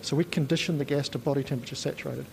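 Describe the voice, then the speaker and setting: A man's voice: medium pitch, steady tone, racing, gravelly, a little mellow, a little hiss or hum, low-quality recording. A man with a New Zealand accent patiently explains technical equipment on a factory tour, with frequent ums. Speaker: company spokesperson giving a tour. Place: factory and laboratory.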